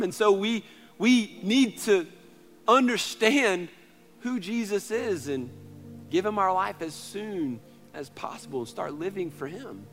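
A man in his thirties preaches a sermon, telling stories in an earnest tone that shifts from loud to hushed. His voice sits a little high. Soft music plays behind him. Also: animated, unhurried. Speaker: pastor.

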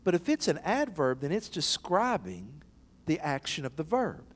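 Preaching with great animation in a church sanctuary, an East Tennessee pastor gives voice to the people he quotes in an emphatic sermon. He speaks at normal speed in a higher-than-average voice, and the hall's reverb rings long.

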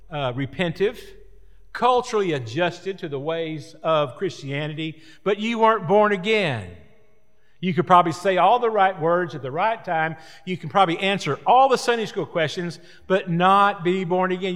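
Preacher in a reverberant hall. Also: male voice, high-pitched. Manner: earnest, repetitive preaching cadence. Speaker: pastor. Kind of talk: sermon.

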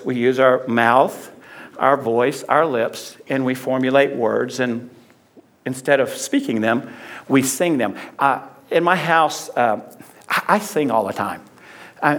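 A man's voice: medium pitch, a little slow, a bit bright. A middle-aged man preaching a conversational sermon, repeating phrases for emphasis. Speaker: pastor.

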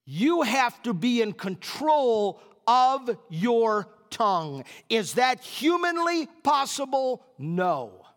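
A male pastor delivers a sermon in a high, light voice. He takes his time, lingering on repeated words for emphasis. His voice trails into the long reverb of a large church. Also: very animated, takes it slowly, hardly any pauses, fairly bright tone. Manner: storytelling, emphatic repetition.

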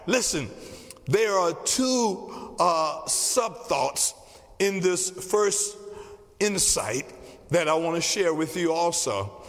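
A man preaching a sermon as pastor, emphatic, repeating key phrases slowly for weight. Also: high-pitched, big pitch swings, a bit bright. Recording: long reverb of a large hall.

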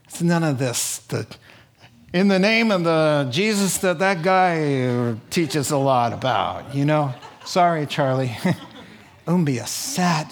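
Animated man preaching a sermon. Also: on the high side. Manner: lively, acts out quoted voices, chuckles often. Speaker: pastor.

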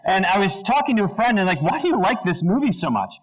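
A man preaching a sermon to a congregation, animated and chatty, asking the audience questions and slipping into quick movie-line impressions. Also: high-pitched, husky, poor audio.

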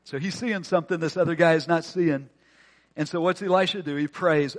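A pastor preaching a conversational sermon, earnest, with rhetorical questions and drops to a hushed voice. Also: male voice, fairly high pitch, steady tone, brisk.

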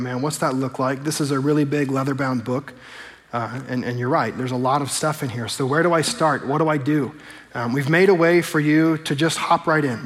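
A man preaching to his congregation in a casual, conversational way, leaning on the scripture lines and drawing them out slowly. His voice sits a little high for a man. A long reverb from the church sanctuary trails after every phrase. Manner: conversational preaching, slows and stresses scripture quotes. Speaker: pastor. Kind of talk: sermon.

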